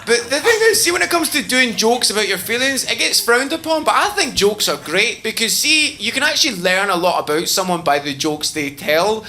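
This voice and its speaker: A man with a Glasgow Scottish accent doing stand-up, telling stories in an animated, laughing way. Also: high voice, fairly quick, hardly any pauses, a little hiss or hum. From Scotland. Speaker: stand-up comedian. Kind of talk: stand-up comedy. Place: comedy club stage.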